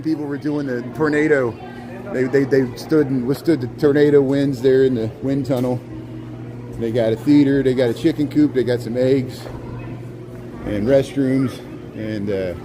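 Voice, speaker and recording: Man, casual walking vlog, chatty and jokey, talks to the animals, outdoor noise behind. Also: mid-range voice. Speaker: vlogger. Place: outdoor farm area at a city zoo. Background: outdoor ambience, birds, passing vehicles.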